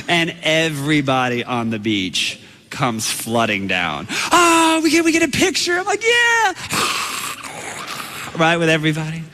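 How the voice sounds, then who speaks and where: A man preaching a storytelling sermon, animated and acting out his own shouts. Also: a little high, big-room sound.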